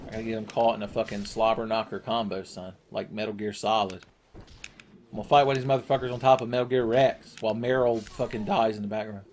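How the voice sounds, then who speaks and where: A man's voice: on the low side, fairly even intonation, brisk, a little mellow, slight background noise. A man commentating his video game play with crude, sarcastic jokes. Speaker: gaming channel host.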